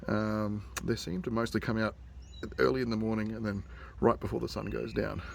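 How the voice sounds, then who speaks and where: An Australian man narrates a casual nature video outdoors, his low voice rough with gravel. He talks chattily and with excitement, dropping to a hush when animals are close. A faint hiss sits under the handheld recording. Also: normal speed. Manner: chatty and enthusiastic, drops to a hush near animals. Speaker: uncle filming a nature video for his nephews. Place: outdoors in a rural yard with bush and birds.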